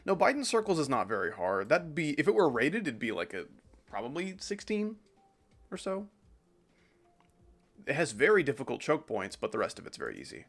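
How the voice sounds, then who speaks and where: A man's voice: a little high, wildly swooping pitch, moderate pace, creaky, long pauses, a bit bright, soft background music. A man streaming a game, rambling casually as he comments on his play. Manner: rambling, chatty, swears casually. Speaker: gaming streamer.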